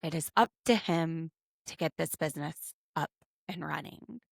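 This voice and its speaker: A woman's voice: low voice, moderate pace, vocal fry, no echo, studio quality. Chatty woman in her forties. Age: 40s. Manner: chatty, animated storytelling. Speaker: podcast co-host. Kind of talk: casual recap chat.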